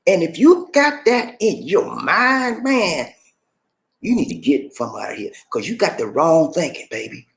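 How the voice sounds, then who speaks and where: A man giving a casual vlog monologue as a YouTube creator, animated and preachy, who keeps calling the viewer "man". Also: on the high side, gravelly.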